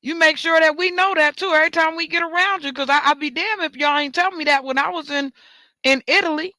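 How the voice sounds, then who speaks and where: American host, casual monologue rant, emphatic and repetitive, high bright voice. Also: a little fast, dry recording. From United States. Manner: emphatic, repetitive storytelling with cursing. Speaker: talk show host.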